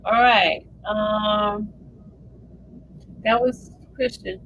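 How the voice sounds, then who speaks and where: A woman's voice: mid-range voice, drawn-out words, highs cut off, a little hiss or hum. A woman hosting a livestream, giving emotional live commentary and reading updates aloud to viewers. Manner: animated, emotional, addresses viewers as y'all. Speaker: livestream host.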